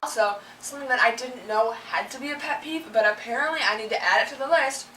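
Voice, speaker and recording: In a quick, sharp voice of fairly high pitch, a young woman rants chattily on her vlog about things that irritate her, acting out the people involved. The roomy recording sits a little away from the mic, with slight background noise.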